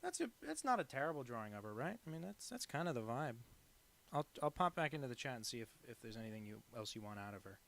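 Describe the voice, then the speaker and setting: Gravelly deadpan man rambling while drawing. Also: mid-range voice, fast. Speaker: cartoonist live streamer. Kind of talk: casual chat while drawing live.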